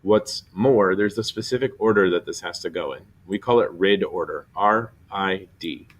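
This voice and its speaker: A low-pitched man teaches a recorded Spanish grammar lesson, explaining each step and slowly spelling out syllables.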